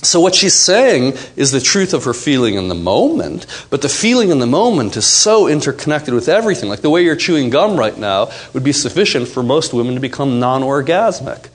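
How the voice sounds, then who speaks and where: A man giving a seminar talk to a live audience, animated and playful, acting out quoted voices. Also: medium pitch, fairly quick, hardly any pauses. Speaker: seminar speaker.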